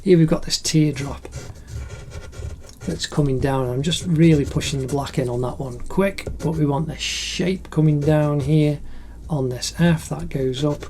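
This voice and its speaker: A man's voice: on the high side, unhurried, a little mellow, slight background noise. A middle-aged man narrating a drawing tutorial in a chatty, encouraging way, like an art teacher.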